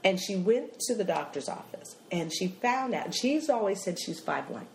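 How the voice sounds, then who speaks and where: A woman telling funny family stories in casual chat, animated and full of acted-out voices. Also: mid-range voice, normal speed, vocal fry, a little hiss or hum. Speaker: comedian storyteller. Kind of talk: comic storytelling chat. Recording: echoey room.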